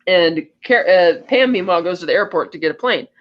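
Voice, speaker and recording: On a podcast, a male co-host with a strikingly high voice gives a loose, casual recap of a film's plot. He's animated and a little fast, with lively intonation, frequently stumbling and restarting sentences. The audio is somewhat muffled and lo-fi.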